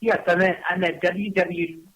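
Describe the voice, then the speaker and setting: A man's voice: high-pitched, flat delivery, unhurried, fairly bright tone, poor audio. A man who is a guest on a radio show, listing his book signings and website with many hesitant fillers. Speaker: guest author. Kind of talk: promoting book and events.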